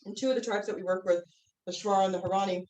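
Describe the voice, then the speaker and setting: Woman, classroom storyteller, rambling, animated, some distance from the mic, faint hiss. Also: medium pitch, fast. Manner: lively, rambling, with restarts and frequent "like". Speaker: herbal instructor and guest speaker. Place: classroom, speaking away from the mic.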